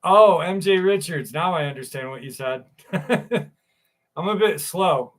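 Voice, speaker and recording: Chatty, slightly high-voiced man hosting a live stream. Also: measured pace. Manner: loose, chatty and profane, laughs often. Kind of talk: casual live-stream chat reading viewer comments.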